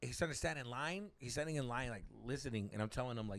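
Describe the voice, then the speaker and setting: A young adult man, a podcast host telling a story in a casual, animated way, swearing as he gets heated. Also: mid-range voice, quick pace.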